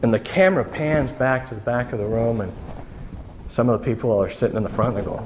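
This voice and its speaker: Male pastor giving a relaxed, conversational sermon; tells stories with lots of restarts, mid-range pitch. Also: fairly quick, a little hiss or hum. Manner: casual, conversational storytelling with many restarts.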